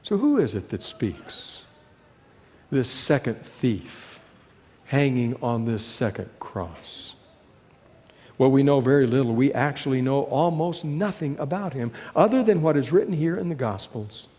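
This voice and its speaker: A man preaching a sermon, reading and retelling scripture dramatically and slowing down to go soft on key phrases. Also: medium pitch, expressive, long reverb tail.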